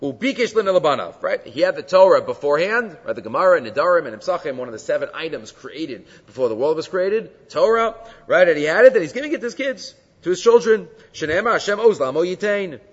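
A man's voice: fairly high pitch, lively intonation, quick pace, few pauses, husky. A man teaching a Talmud class, explaining texts, dropping Hebrew terms into his English and checking in with frequent rhetorical questions. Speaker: Torah teacher. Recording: dull lo-fi sound with long hall reverb.

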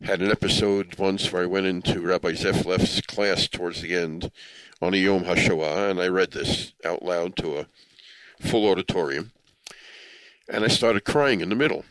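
A man with a low-sitting, somewhat bright voice tells listeners a personal story, captured in a dry, poor-quality recording. Earnest and reflective, he chokes up easily and weaves Hebrew and Yiddish religious terms into his speech.

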